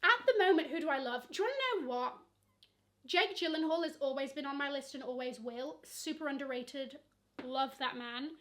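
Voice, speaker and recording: A woman's voice: high voice, moderate pace, a bit bright. A young woman, chatting casually through a Q&A vlog with lots of fillers and playful asides. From Nigeria. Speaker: luxury vlogger.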